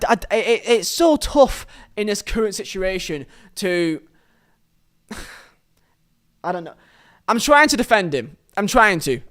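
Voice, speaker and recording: High-voiced man ranting about football. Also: smooth. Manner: rambling, repeats and restarts phrases; earnest, opinionated fan. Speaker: podcast host reviewing a football match. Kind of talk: casual solo football review.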